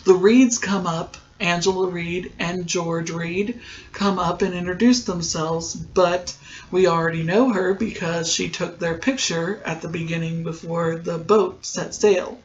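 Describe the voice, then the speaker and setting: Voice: mid-range voice, fairly even intonation, a little slow, slight background noise. A podcast host giving a casual, rambling recap of a TV episode, full of ums and likes. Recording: dull lo-fi sound.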